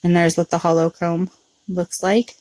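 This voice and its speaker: A woman hosting a nail art tutorial, talking through each step in a relaxed, chatty way with frequent ums. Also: on the low side, moderate pace, slight background noise. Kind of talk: casual step-by-step tutorial narration.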